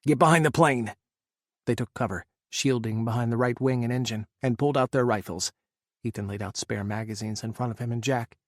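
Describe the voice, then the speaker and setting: A male narrator reads an audiobook from a script, steady and measured at a middling pitch. The recording is dry and close, with no room sound.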